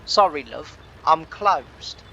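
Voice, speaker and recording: A man re-enacting a shop checkout woman who flatly refuses to serve him. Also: on the high side, takes it slowly, gravelly, muffled recording, slight background noise, pitched above the performer's own voice, exaggerated voice. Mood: dismissive. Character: flat, unhelpful woman at a checkout.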